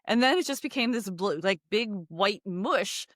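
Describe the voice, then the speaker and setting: A woman hosting a casual chat show, talking in a relaxed, conversational way. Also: medium pitch, moderate pace, dry recording, clean studio sound. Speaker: podcast host.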